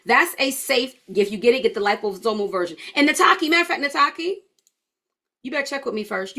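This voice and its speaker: Tired woman coach, higher pitch, casual live-class banter. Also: expressive, fast talker, bright, forceful tone. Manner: chatty and informal, addressing viewers as y'all. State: tired, yawning. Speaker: holistic health coach. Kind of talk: live online class, casual talk to viewers.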